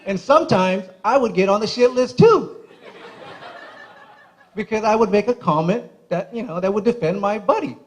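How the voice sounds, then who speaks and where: A man's voice: high voice, lively intonation, moderate pace, pauses often, rough recording. A man giving a casual best-man speech at a wedding reception, chatty, emotional and laughing often through his stories. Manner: admits he gets emotional.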